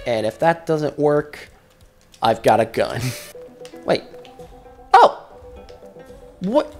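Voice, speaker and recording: A man doing casual gameplay commentary, jokey and profane, breaking into loud excited outbursts. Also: fairly high pitch, drawn-out words, pauses often, soft background music. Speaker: gaming commentator. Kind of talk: casual let's-play commentary.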